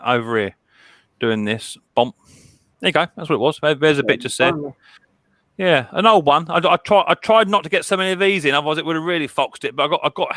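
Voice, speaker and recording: A chatty man in his thirties hosting a relaxed livestream. His voice is bright and fairly high, recorded dry and close. He rambles, repeats his words and laughs often. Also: no echo. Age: 30s. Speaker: livestream host. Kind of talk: casual livestream chat.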